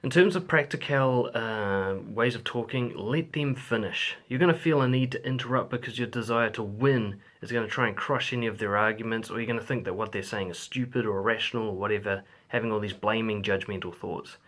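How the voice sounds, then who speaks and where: A man's voice: lowish voice, brisk, hardly any pauses, a bit bright. A man giving relationship advice to camera in a blunt, sweary way, acting out example lines. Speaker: relationship coach. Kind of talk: direct-to-camera advice vlog.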